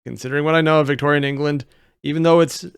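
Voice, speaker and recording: A video reactor giving casual, sarcastic commentary, swinging between loud outbursts and low mutters. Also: fairly even intonation, racing, clean tone, dry recording, clean studio sound. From United States.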